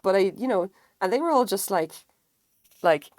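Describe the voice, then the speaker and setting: A woman's voice: a little fast, a little mellow, dry recording. A tired woman chatting casually on a live stream while she crochets, rambling and self-deprecating, swearing now and then. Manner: rambling, self-deprecating, acts out quotes in higher voices.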